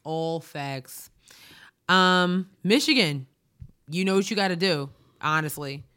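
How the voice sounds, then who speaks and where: A woman co-hosting a podcast in casual chat, slangy and emphatic, sometimes drawing her words out slowly. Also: lowish voice, lively intonation, a bit bright, smooth. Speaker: podcast co-host.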